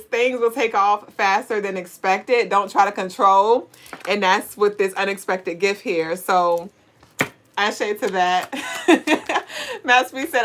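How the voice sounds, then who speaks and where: Woman host, fairly high voice, playful and slangy, laughs loud, casual livestream tarot reading. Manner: playful, slangy, laughs loudly and often, reads chat aloud.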